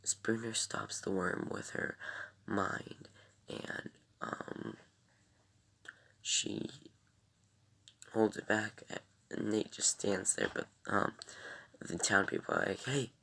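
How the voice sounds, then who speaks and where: A man chats loosely through a TV episode review, rambling with ums and sighs. His voice is bright and forward but husky, with a gravelly edge, and it swings lively in pitch. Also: slow, long pauses. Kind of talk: casual review chat.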